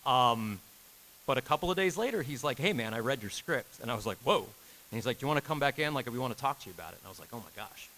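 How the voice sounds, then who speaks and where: A man in his thirties telling an animated story on a convention panel, acting out the quotes with big jumps in pitch and laughing as he goes. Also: fast talker, slight background noise, low-quality recording. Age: 30s. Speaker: game director on a convention panel. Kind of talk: animated storytelling to a live audience.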